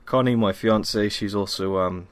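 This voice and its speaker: A man's voice: on the low side, fairly even intonation, unhurried, clear, resonant tone, no room sound. A young man from Wales, hosting a casual solo podcast at home, rambling and self-deprecating with many ums, tired after a workout. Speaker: podcast host.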